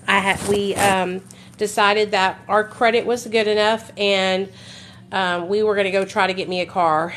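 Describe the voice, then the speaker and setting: A woman's voice: mid-range voice, a bit bright, slight background noise. A woman vlogger telling a personal story on a live stream, blunt and emphatic, swearing freely and talking straight to her viewers.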